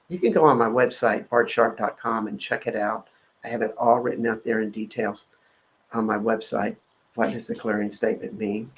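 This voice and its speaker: A man hosting a live energetic clearing session, repeating a chant-like clearing phrase and talking in a halting way with many fillers. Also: lowish voice, rough recording. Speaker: host and energy-clearing practitioner. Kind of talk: guided energetic clearing talk on a live show.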